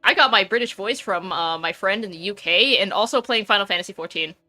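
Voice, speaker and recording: A woman's voice: mid-range voice, brisk, bright, forceful tone, no echo, soft background music. A young woman streamer reading through a game and commenting casually, in a playful, joking way with frequent laughter.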